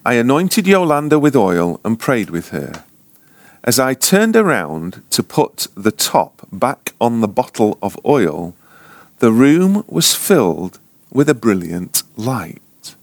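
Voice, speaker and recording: A man preaching at a ministry school, telling a story slowly and dramatically, often sinking to a hushed near-whisper. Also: medium pitch, very animated, no room sound. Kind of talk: sermon storytelling.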